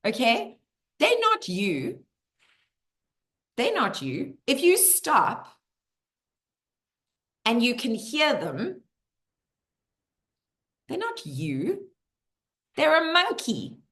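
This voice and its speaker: A woman hosting a community Q&A, talking to a live group in an animated, playful way. She keeps checking in with her listeners and turns soft and slow for reflective moments. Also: a little high. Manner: drops to a soft, slow, hushed voice for reflective passages. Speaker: community Q&A host, personal growth speaker.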